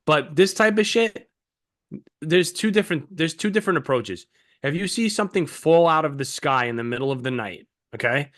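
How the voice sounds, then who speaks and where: A man's voice: fairly high pitch, moderate pace. A young man co-hosting a podcast, arguing emphatically in casual, profane chat. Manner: emphatic, profane, animated storytelling. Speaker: podcast co-host.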